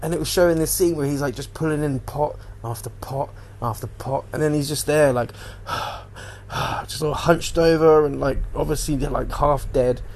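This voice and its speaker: A man's voice: on the high side, normal speed, hardly any pauses, a little hiss or hum. Sweary rambling man. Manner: rambling, sweary, animated retelling. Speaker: podcast host. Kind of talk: casual solo chat.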